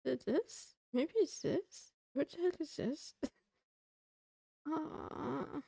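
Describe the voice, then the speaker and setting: High-voiced woman streamer, frustrated and self-mocking. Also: takes it slowly, gravelly, no room sound, studio quality. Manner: frustrated, self-deprecating, bursts of loud protest at chat. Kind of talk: casual livestream chatter while working.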